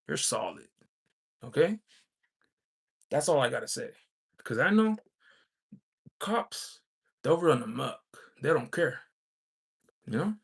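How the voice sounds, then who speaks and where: A man's voice: medium pitch, big pitch swings, slow, creaky, pauses often, husky. A man vlogging, telling a personal story in a rambling, casual way, with many fillers and restarts.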